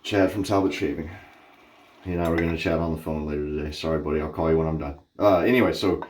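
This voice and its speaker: Male shaving vlogger from Texas, deep low voice, rambling and chatty with frequent self-corrections. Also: fairly even intonation, quick pace, darkish tone, slight background noise. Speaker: wet shaving channel host. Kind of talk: casual chat while shaving.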